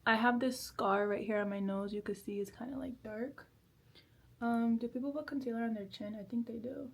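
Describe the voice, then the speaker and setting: Woman, 20s, chatty, giggly, casual makeup chat, higher voice. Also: fairly even intonation, moderate pace, creaky, slightly rough. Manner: chatty, giggly, self-deprecating. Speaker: vlogger. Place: bedroom at home.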